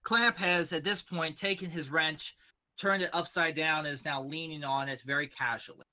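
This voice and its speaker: A man's voice: on the high side, moderate pace, sharp tone. A man narrating as game master in a tabletop game, with a loose style full of fillers.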